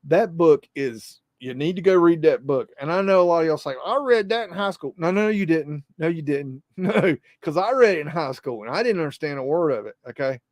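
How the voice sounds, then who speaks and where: A man's voice: a little high, lively intonation, brisk, few pauses, a little mellow, no echo, clean studio sound. A man hosting a live podcast, talking in a rambling, repetitive way and swearing freely. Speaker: podcast host.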